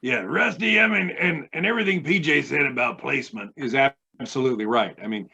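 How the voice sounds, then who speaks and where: A male co-host who is an audiobook narrator, chatting in a lively, jokey way. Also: medium pitch, brisk, vocal fry, slightly rough, lo-fi sound. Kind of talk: casual chat.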